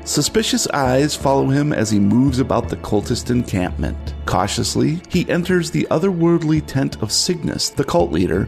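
Man, game master, gravelly husky voice, animated delivery, faint music behind. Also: mid-range voice. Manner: wry, theatrical storytelling. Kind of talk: dramatic narration of a horror tabletop game.

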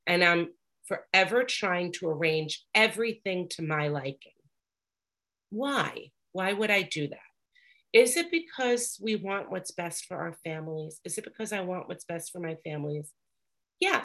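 Middle-aged woman, slightly low voice, earnest recovery share, loose and conversational. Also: lively intonation, unhurried, pushed and bright. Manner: earnest, conversational, many fillers; reads aloud from a book at times. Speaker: recovery speaker sharing experience.

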